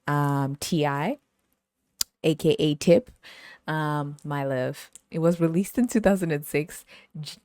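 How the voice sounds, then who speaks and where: A woman hosting a podcast, telling stories in an animated, casual way and laughing often. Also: sits low, no room sound, clean studio sound. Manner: animated storytelling, laughs often, sings snippets. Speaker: podcast host. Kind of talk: casual chat.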